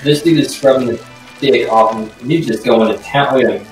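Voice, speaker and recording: A man's voice: mid-range voice, moderate pace. Loose, joking man in an echoey room. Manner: loose, joking, laughs often. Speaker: podcast co-host. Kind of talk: crude riffing on a movie as it plays. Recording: very echoey room, mic at a distance, film music behind.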